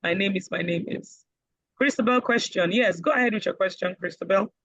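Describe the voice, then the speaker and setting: A Nigerian woman teaching a casual online speaking class, lively and joking as she acts out voices. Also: medium pitch, a little fast, no room sound, highs cut off. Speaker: IELTS speaking instructor.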